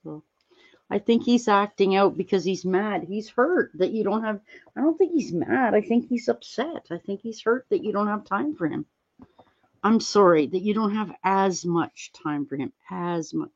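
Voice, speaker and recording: A woman streaming, chatting casually with viewers while she crafts, rambling and gently reassuring them with lots of fillers. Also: mid-range voice, lively intonation, normal speed, lo-fi sound. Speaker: livestreamer answering chat.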